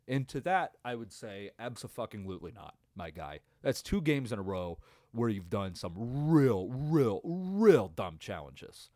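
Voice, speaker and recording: A man's voice: mid-range voice, a little mellow, no room sound, clean studio sound. A man hosting a podcast, reacting to a game in a casual, profane, rambling rant full of exasperation. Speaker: podcast host.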